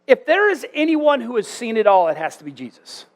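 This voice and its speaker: A man preaching a sermon as a church pastor, conversational and animated, with self-deprecating asides. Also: very high-pitched, a little fast.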